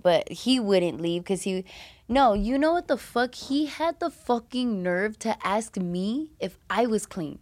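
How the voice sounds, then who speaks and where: A young adult woman appears as a podcast guest, candidly telling her own story in blunt, profane, casual speech packed with "like." Her voice is medium in pitch and animated, a little mellow, and she keeps a measured pace.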